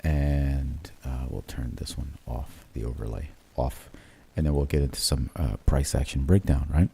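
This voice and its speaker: At normal speed, a man with a very deep, creaky voice and a breathy edge hosts a live crypto trading stream. He marks up charts while thinking out loud, relaxed and self-correcting, with frequent fillers and "right?" tags.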